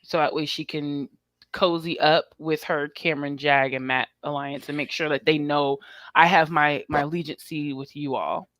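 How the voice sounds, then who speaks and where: Woman with a really low voice chatting on a podcast, quick confident takes, dry sound. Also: steady tone, fairly bright tone, no room sound. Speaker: podcast co-host. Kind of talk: casual chat.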